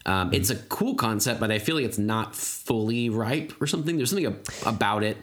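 Lively low-voiced man chatting about horror films. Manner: animated, enthusiastic, quick to laugh. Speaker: podcast co-host. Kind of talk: casual chat about horror movies.

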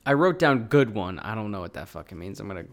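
A man's voice: on the low side, big pitch swings, quick pace. A man co-hosting a podcast, recapping a TV episode in a laid-back, swearing, laughing way. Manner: laid-back, swears, laughs often, acts out lines in quotes. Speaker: podcast co-host. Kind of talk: casual chat recapping an episode.

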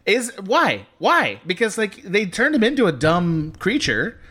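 Man, lively swinging pitch, casual movie chat, laughs often, riffs on ideas. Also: measured pace, breathy edge. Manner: animated, laughs a lot, agrees and riffs.

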